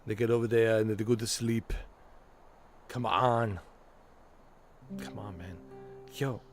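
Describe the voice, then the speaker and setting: A man's voice: lowish voice, fairly even intonation, slow pace, soft background music. A man streaming a video game, chatting casually in a loose, joking way and laughing a lot. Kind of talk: casual gameplay commentary.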